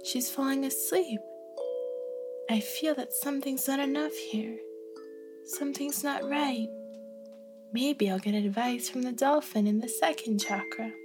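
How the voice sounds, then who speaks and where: Woman storyteller, children's bedtime yoga tale: playful, coaxing, unhurried pace. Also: high-pitched. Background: loud glockenspiel and marimba music.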